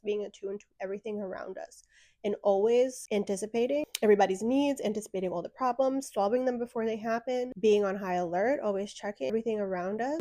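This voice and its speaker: A woman's voice: mid-range voice, dark tone, no room sound, clean studio sound. Blunt, frank woman giving advice. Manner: blunt, frank, sassy asides. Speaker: coach answering viewer questions. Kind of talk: direct-to-camera advice talk.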